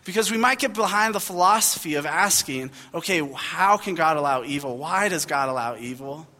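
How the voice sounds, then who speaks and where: Young man, pastor, sermon, animated storyteller, high voice, long hall reverb. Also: normal speed. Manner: animated storytelling, self-deprecating asides. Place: large church hall.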